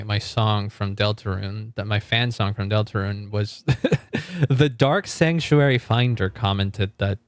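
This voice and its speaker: A man's voice: fairly low pitch, clear, resonant tone, no echo. A man streaming a game and chatting casually with his viewers. He rambles, restarts his sentences and laughs often. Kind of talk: casual live-stream chat.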